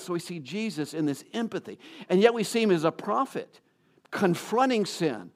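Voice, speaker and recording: A man's voice: high-pitched, sing-song, a little fast. A male pastor giving a sermon in a conversational way, joking about himself and often restarting his sentences. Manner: conversational preaching with self-deprecating jokes and frequent restarts.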